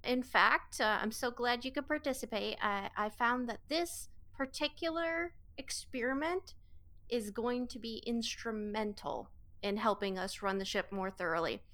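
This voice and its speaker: A woman voicing a starship captain who speaks with deliberate, put-on politeness. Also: a little high, a bit bright. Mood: falsely cheerful.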